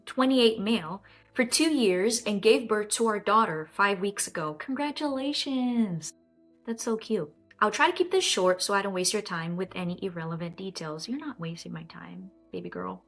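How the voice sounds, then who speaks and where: A woman's voice: mid-range voice, a bit bright. A woman hosting a casual storytime video, reading a post aloud and breaking in with indignant, joking comments to her viewers. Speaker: storytime host.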